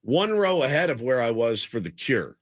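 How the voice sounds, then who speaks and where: Rambling storytelling radio host, dry sound. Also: male voice, medium pitch, sing-song, moderate pace, no room sound. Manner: rambling storyteller, imitates people he quotes. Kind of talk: casual sports radio chat. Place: radio studio. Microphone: studio microphone.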